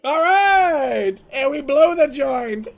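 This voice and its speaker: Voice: sits high, animated, slow, creaky. Young streamer rambling through a game. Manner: rambling, joking, stammering. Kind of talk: casual gameplay commentary.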